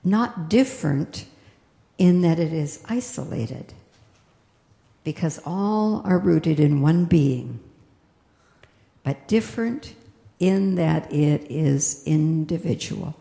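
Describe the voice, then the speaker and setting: A woman minister preaches in a gentle, reflective way, drawing out her key phrases. Her low voice is mellow and gravelly. The sound rings with the long reverb of a roomy hall. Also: expressive, slow, pauses often. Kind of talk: sermon.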